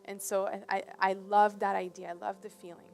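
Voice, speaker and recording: A woman's voice: mid-range voice, little pitch movement, normal speed, gravelly, a little mellow, soft background music. Woman telling a personal story to an audience. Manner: conversational, often checks in with "right?". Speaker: presenter. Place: presentation on a cruise ship.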